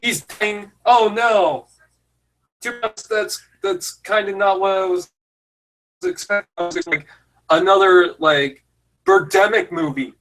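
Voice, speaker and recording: A man's voice: high voice, unhurried, fairly bright tone, low-quality recording. A man giving casual, jokey commentary over a fan film, rambling and self-deprecating. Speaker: YouTube commentator.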